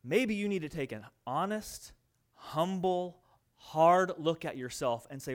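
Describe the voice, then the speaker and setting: High-voiced man preaching a sermon. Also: expressive, a little slow. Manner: earnest, conversational preaching that swings from loud to hushed. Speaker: minister.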